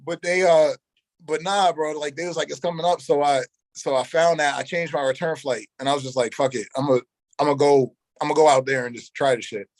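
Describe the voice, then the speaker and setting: A young man telling a long story as an interview guest, animated, in heavy street slang, and acting out the quoted dialogue. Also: a little high, fairly quick, no echo, poor audio. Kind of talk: casual storytelling.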